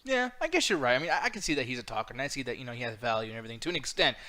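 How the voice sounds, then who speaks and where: A man's voice: mid-range voice, big pitch swings, racing, a crowd in the background. A man co-hosting a podcast, chatting casually about wrestling, swearing freely and laughing often. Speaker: podcast co-host. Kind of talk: casual profane wrestling chat.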